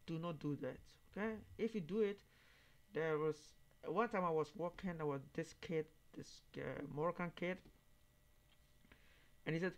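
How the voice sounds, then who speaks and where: Man, reaction host; halting, word-searching English, turns emphatic. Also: a little high, muffled recording. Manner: halting, searching for words, then emphatic and raised when quoting others. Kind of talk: casual monologue commentary.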